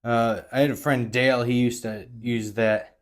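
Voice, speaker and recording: A man's voice: medium pitch, steady tone, normal speed. A man co-hosting a casual podcast, easygoing and laughing a lot. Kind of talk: casual crude chat.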